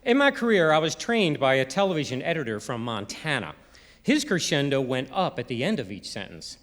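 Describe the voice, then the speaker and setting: A middle-aged man from Maryland, Baltimore accent and all, entertains a live arts center audience with a comic timed stage talk full of voice imitations. His mid-range voice swings widely in pitch, runs a little fast, and sounds fairly bright.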